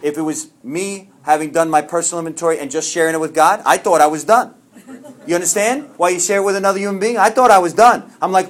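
A man sharing a personal recovery story at a meeting, swinging between loud bursts and quiet asides. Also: fairly high pitch, quick pace.

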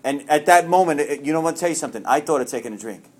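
A man's voice: on the high side, very fast. Earnest middle-aged man sharing his story. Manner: rambling, self-deprecating, earnest, with frequent restarts. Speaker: speaker sharing at a recovery meeting. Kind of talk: personal testimony to a group.

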